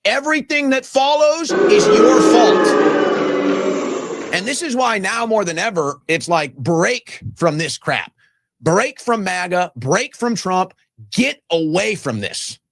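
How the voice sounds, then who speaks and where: A man's voice: high-pitched, very animated, a little slow, creaky. A man hosting a talk show, delivering a heated, sarcastic political rant with mocking asides. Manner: sarcastic, mocking, shouting at times.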